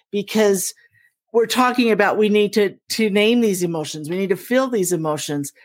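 A woman talking in an interview, earnest and thoughtful, restating her points as she goes. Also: medium pitch. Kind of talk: casual interview chat.

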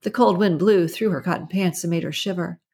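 A woman narrating an audiobook in a steady, even storytelling manner. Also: fairly low pitch, brisk, vocal fry, slightly rough. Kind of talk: scripted narration.

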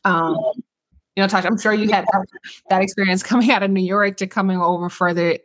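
A woman's voice: mid-range voice, steady tone, brisk, no room sound. A woman from California hosting a podcast, talking reflectively with many "you know" fillers and addressing listeners directly. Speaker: podcast host. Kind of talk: casual conversation on mental health.

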